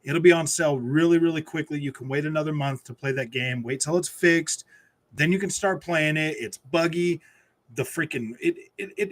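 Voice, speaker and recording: Guy w a high voice venting on his gaming stream, keeps stammering n restarting. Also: brisk. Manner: frustrated, repetitive, stammering restarts. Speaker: gaming livestream host. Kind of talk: ranting live stream chat.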